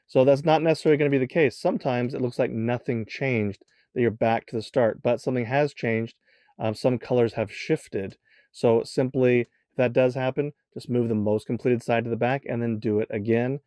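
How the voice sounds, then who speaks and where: A man's voice: mid-range voice, fairly even intonation, moderate pace, dark tone, dry recording, clean studio sound. A man hosting a step-by-step puzzle tutorial in a casual way, counting the moves aloud as he demonstrates them. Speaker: tutorial host.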